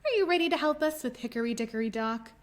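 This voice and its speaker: A young woman librarian leading a children's storytime, gently encouraging and singing nursery rhymes. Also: on the high side, animated, quick pace.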